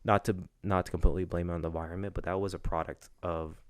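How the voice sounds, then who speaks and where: A young man co-hosting a podcast, telling a personal story in a casual, halting way with many restarts. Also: deep voice, level tone, clear, resonant tone, no echo. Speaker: podcast co-host. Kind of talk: casual chat.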